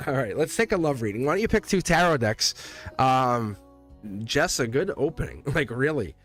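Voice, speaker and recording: A man's voice: medium pitch, animated, normal speed, fairly bright tone. A man reading tarot on a livestream, chatting casually, laughing often and rambling through stories where he keeps quoting himself. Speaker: tarot reader. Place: home studio. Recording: faint music behind.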